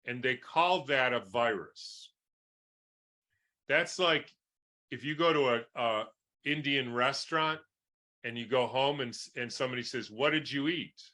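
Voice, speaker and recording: Slow, bright-voiced man explaining. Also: mid-range voice. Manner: explains with homely analogies, keeps asking "right?". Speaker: guest doctor. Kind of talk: interview answer.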